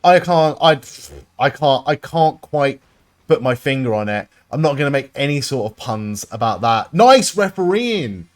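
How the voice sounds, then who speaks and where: A young man giving live-streamed gameplay commentary, excitable and sarcastic, swearing often. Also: medium pitch, normal speed.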